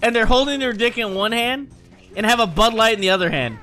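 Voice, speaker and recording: A man talking casually to his stream audience, telling stories in an animated, profane, joking way. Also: high-pitched, a little fast.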